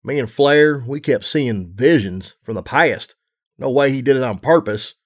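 A man voicing a weary mother mare pony, gruff but loving, in a low tired plain delivery. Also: lively intonation, unhurried.

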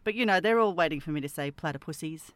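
An Australian woman with a notably low voice hosts a casual interview. She rambles with easy self-deprecation and laughs at her own puns. The talk is loose and conversational. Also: animated, fast talker, a little hiss or hum. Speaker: podcast host interviewing a voice actor. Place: home, rural property.

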